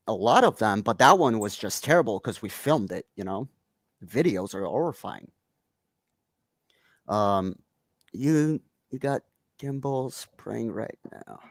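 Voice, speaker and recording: A man's voice: medium pitch, no echo. A Canadian man hosting a podcast from home, chatting casually, rambling and laughing often while reading out chat comments. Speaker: podcast host. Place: home room.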